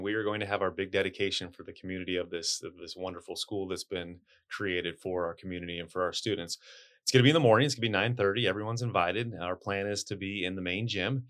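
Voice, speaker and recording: A man, a high school principal, talking in a chatty, upbeat way with joking asides in a casual interview. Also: fairly bright tone.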